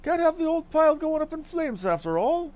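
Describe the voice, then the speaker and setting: A man's voice: very high-pitched, big pitch swings, fairly quick, darkish tone. A man voicing a cheerful, foppish male aristocrat in a game, reading the lines in an airy, theatrical upper-crust manner. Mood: breezy. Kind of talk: reading game dialogue aloud.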